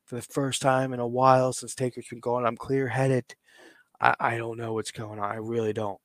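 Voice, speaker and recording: Brief: a man playing a confused young fighter, soft and unsure. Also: mid-range voice, flat delivery, moderate pace, dry recording, clean studio sound, close to an everyday voice. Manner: soft, bewildered.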